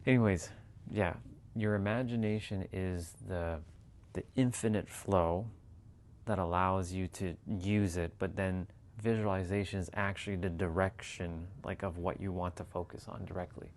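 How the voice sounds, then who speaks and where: Low-voiced man rambling casually. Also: steady tone, normal speed. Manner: rambling and profane, laughs often. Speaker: livestream host. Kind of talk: casual chat.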